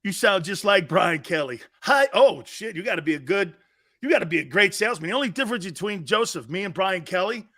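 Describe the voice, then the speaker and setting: A man's voice: high-pitched, lively intonation, fast talker, a bit bright. A man from Connecticut hosting a sports talk show, blunt and mocking as he reads viewer comments and rants.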